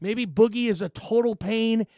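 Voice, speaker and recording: A man's extremely high-pitched voice, at normal speed and without echo, carries an animated sports talk radio monologue. Speaking into a studio microphone, he rambles with many fillers and restarts.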